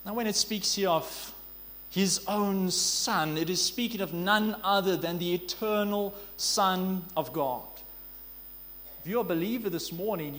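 A man preaching a sermon in an earnest way, asking rhetorical questions and drawing out key words slowly. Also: high voice. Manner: earnest, rhetorical questions, slow emphatic stresses. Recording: long hall reverb.

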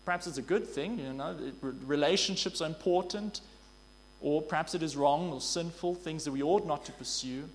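High-voiced preacher in a reverberant hall. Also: male voice. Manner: earnest, rhetorical questions, slow emphatic stresses. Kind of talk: sermon.

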